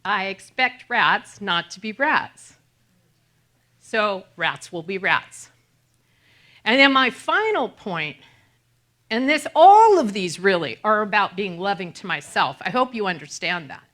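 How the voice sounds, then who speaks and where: A middle-aged woman minister giving a conversational sermon, telling self-deprecating stories with animated delivery and laughter. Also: medium pitch, unhurried.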